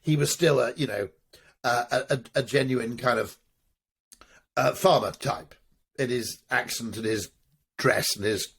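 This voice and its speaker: A middle-aged marketing executive, appearing as a guest, answers interview questions in a gravelly mid-range voice at a measured pace with long pauses. His wry, rambling stories are full of restarts and asides, now and then profane. A little hiss or hum sits under the recording.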